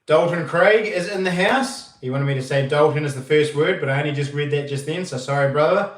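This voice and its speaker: A man's voice: fairly high pitch, far from the mic. Laid-back New Zealand man in echoey room. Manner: greets viewers by name, slow and laid-back. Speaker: livestream host. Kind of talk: casual livestream chat. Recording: echoey room, voice a bit off-mic.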